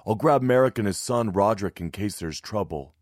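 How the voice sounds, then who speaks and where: A man's voice: fairly low pitch, lively intonation, a little fast, no room sound, clean studio sound, pitched above the performer's own voice. A man voicing a tense, serious grown man with neck scales who speaks in clipped, steadying tones. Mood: resolute.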